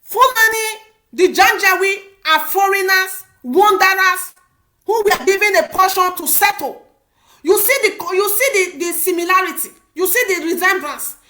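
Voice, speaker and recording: Nigerian pidgin-accented woman ranting about politics, very high bright voice, keeps repeating and restarting. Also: moderate pace. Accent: Nigerian Pidgin English. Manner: repetitive, emphatic, many restarts and fillers. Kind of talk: impassioned political commentary.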